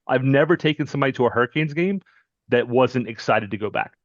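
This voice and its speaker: A man's voice: medium pitch, fast, dry recording. Podcast host: a chatty man from North Carolina with a mid-range voice. The sound is dry and muffled. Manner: chatty, leans on "right?" and "you know". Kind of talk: casual podcast chat.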